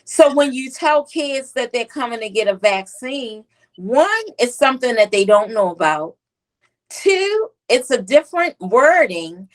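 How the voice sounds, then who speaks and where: East coast woman nurse chatting in an interview, kinda high voice, lively storytelling, does little kid voices. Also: measured pace, poor audio. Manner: animated storyteller, acts out children's voices. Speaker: pediatric nurse and author, guest.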